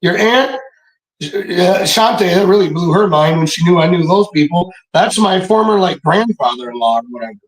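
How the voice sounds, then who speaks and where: A man telling stories in a casual monologue, animated and preachy, swearing freely and often breaking into shouts. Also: high-pitched, normal speed, poor audio. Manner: profane, streetwise slang. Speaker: podcast speaker.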